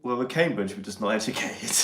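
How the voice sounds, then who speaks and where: A man's voice: on the low side, echoey room, very noisy. An English man hosting a casual live chat, joking and laughing with his mate. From England. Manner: banter and laughing. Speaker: live stream host. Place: outdoors near Ely.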